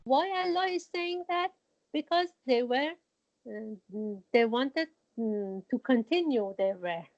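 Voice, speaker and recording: Woman teaching slowly with halting restarts. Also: fairly high pitch, expressive, darkish tone. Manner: halting, with frequent restarts and Arabic quotations. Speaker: Quran teacher. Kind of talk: informal religious lesson. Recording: dull lo-fi recording.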